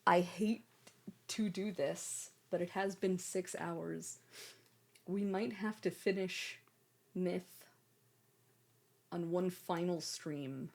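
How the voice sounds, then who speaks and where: A woman's voice: on the low side, slow, gravelly, pauses often. A young woman streamer chatting casually with her viewers and cooing baby-talk at her cat.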